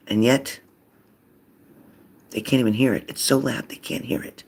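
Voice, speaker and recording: A man giving a casual card reading, acting out loud quotes and dropping into whispers. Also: mid-range voice, brisk, vocal fry, pauses often. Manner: animated, acts out loud and whispered voices. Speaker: psychic card reader.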